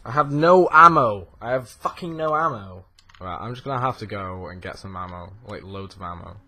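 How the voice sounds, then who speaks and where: Frustrated and swearing constantly, a young gaming YouTuber mutters to himself while giving casual let's play commentary on his gameplay. His fairly low voice has a sharp tone and lively intonation at a moderate pace.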